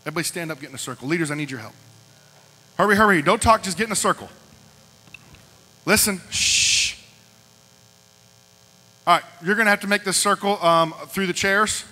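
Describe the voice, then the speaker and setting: Punchy high-voiced youth pastor, bright. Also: male voice. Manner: punchy, repeats short lines. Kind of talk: youth service sermon. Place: large hall with a youth group. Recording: echoey hall with mains hum.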